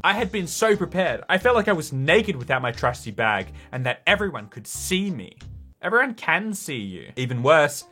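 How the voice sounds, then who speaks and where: Sarcastic animated man reading a game aloud. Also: on the high side, brisk, slightly rough. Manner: sarcastic, animated, mocking the script. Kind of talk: let's play commentary.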